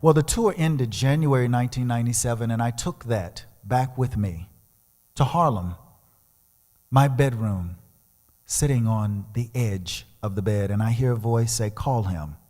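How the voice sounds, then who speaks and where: A man's voice: medium pitch, measured pace, warm tone. Man telling a story in a reverberant church. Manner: dramatic storyteller who acts out the voices. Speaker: guest speaker and musician. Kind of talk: storytelling sermon. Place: large church sanctuary. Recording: long reverb of a church hall.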